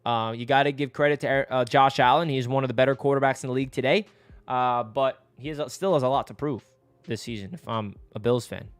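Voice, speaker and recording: A young man from the United States hosting a casual live stream, chatty and rambling, answering viewers and now and then breaking into excited yells. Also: medium pitch, fairly quick, smooth, dry recording. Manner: excitable, rambling, bursts into yelling.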